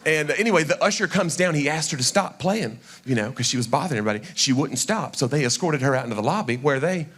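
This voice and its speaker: A man with a Southern East Tennessee accent doing a chatty, self-deprecating stand-up set in a church, with quick asides. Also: on the high side, expressive, a bit bright, breathy edge. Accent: Southern American, East Tennessee. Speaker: stand-up comedian. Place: church sanctuary before a live audience.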